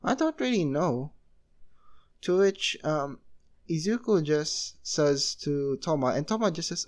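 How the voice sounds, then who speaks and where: A young man narrating a homemade fan story in a loose, rambling way, full of fillers and restarts. His voice sits somewhat high for a man. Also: expressive, a little slow. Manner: rambling, heavy filler use.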